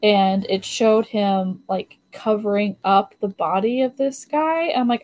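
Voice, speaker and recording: A woman's voice: mid-range voice, a little slow, hardly any pauses, darkish tone. A woman co-hosting a podcast in casual chat, giggly and loose, full of "like" fillers. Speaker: podcast co-host.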